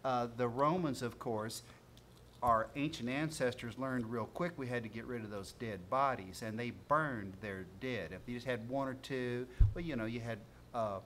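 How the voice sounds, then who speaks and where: Rambling man with halting speech. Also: mid-range voice, a bit bright. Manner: halting, many fillers and restarts, rambling. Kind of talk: casual panel chat over dinner. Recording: faint room noise, live stream.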